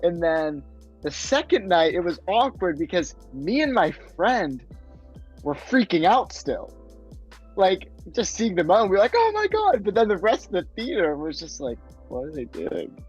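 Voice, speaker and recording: A man's voice: sits high, normal speed, slightly rough, lo-fi sound, soft background music. A young man casually chatting about a movie on a podcast, acting out scenes in different voices. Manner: animated, acts out scenes in voices. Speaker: podcast co-host.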